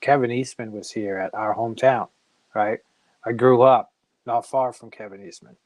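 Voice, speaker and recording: A middle-aged man, a comic creator, telling casual anecdotes in an animated way and acting out other people's voices. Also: medium pitch, moderate pace, no room sound, low-quality recording. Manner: animated, acts out quoted voices.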